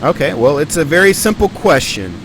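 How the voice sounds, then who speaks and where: A man's voice: a little high, very animated, a little fast, a bit bright, slight background noise. A man giving live stream commentary on a flight simulator, rambling and thinking aloud with plenty of ums and uhs.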